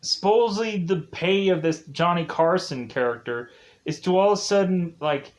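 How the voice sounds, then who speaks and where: A man's voice: sits high, moderate pace. Rambling young-sounding man reviewing a show. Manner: rambling, many fillers, laughs while retelling scenes. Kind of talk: casual spoken review.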